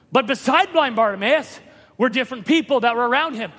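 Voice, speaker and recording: High bright-voiced preacher guy shouting the sermon, big echo hall, swings quiet to loud. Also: animated, brisk. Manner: impassioned, swings from hushed to shouting. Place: church sanctuary. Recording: long hall reverb.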